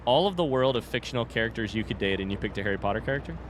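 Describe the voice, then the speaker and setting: A young man gives rapid-fire, expressive commentary in a medium-pitched voice against a noisy background. He chats and jokes casually while playing a game and yelps when startled.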